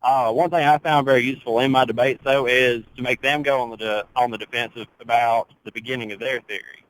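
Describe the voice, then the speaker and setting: A man's voice: medium pitch, steady tone, a little fast, a bit bright, low-quality recording. A man calling in to a radio show, speaking hesitantly with many fillers and restarts. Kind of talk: phone-in comment.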